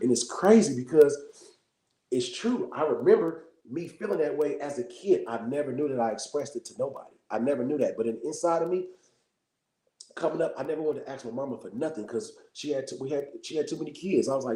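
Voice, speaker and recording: Bay man, fast mellow delivery, casual livestream storyteller, keeps checking in with listeners, echoey room. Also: mid-range voice, expressive. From Bay Area, California. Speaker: livestream host.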